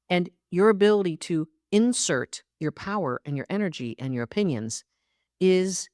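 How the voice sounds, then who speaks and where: Female podcast host and coach, low pitch, direct and emphatic delivery. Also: darkish tone, dry recording, studio quality. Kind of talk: solo podcast monologue.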